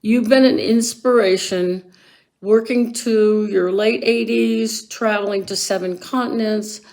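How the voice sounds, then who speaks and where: A woman's voice: medium pitch, steady tone, a little slow, a little mellow, rough recording. A woman from Colorado recording an earnest, affectionate birthday video message for an old friend. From Colorado, USA. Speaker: friend sending video greeting. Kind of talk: warm personal video message.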